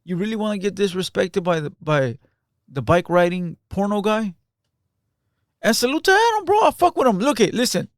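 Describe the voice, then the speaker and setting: A man's voice: high voice, big pitch swings, moderate pace, no room sound, clean studio sound. A man giving casual reaction commentary in loose, emphatic street slang, peppered with "bro".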